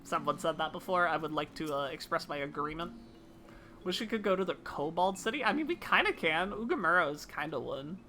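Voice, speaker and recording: A woman streamer who talks to her chat in a loose, playful, self-mocking way. Her voice is bright and clear, with faint game music underneath. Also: deep voice, expressive, brisk. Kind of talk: casual live-stream chat.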